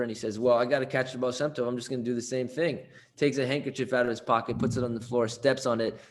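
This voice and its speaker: A man's voice: mid-range voice, slight background noise. A man telling a story in a loose, chatty way with lots of fillers. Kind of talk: casual storytelling.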